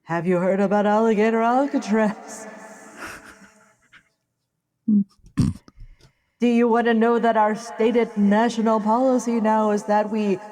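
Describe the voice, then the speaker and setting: A woman co-hosting a podcast, talking about her books and the news in a wry, deadpan, playful way. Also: on the high side, a little slow, pauses often. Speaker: podcast co-host and author. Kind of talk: casual podcast chat.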